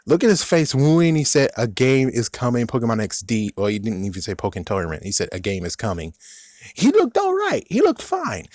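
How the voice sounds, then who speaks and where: A young man ranting casually in a vlog, exasperated, swinging from loud outbursts to muttered asides. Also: mid-range voice, dry recording, studio quality. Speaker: video creator.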